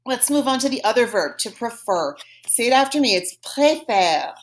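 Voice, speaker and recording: A woman teaching a French lesson, modeling phrases slowly and clearly for students to repeat, patient and encouraging. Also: fairly high pitch, animated. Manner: slow, exaggerated modeling of phrases for repetition. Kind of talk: recorded language lesson.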